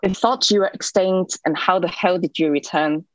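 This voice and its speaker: Low-voiced woman reading poetry. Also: dry recording, dull audio. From Hong Kong. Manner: measured recital, hesitant "um" fillers when chatting. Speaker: poet. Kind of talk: poetry reading with short spoken introductions.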